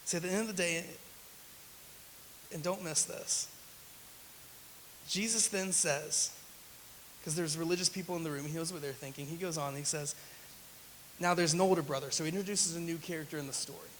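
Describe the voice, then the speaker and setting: A man's voice: on the high side, brisk, pauses often, a bit bright. Brief: male pastor, sermon in a church sanctuary with long reverb, faint hiss, emphatic delivery. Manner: retells scripture with acted quotes, emphatic.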